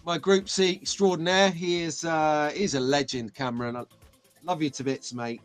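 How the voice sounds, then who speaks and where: Greeting each viewer by turn, this British host in middle age runs an easygoing live stream with bubbly, talkative energy. The tone is clean, his pace moderate, his pitch rather high for a man, with soft music in the background.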